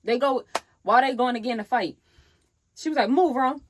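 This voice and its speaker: Young woman vlogger, animated storyteller who acts out quotes; dry, close recording. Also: a little high, a little fast, dry recording. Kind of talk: storytime vlog.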